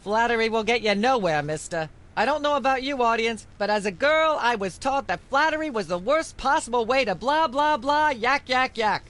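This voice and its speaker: A woman's voice: on the high side, lively intonation, normal speed, few pauses, fairly bright tone. Pompous female talk-show host, theatrical, preachy, video game. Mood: disdainful.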